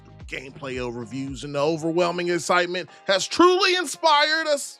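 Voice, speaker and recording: A man's voice: high voice, expressive, moderate pace, hardly any pauses, fairly bright tone, soft background music. A man co-hosting a casual gaming podcast, reading news aloud and swearing freely. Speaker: podcast co-host.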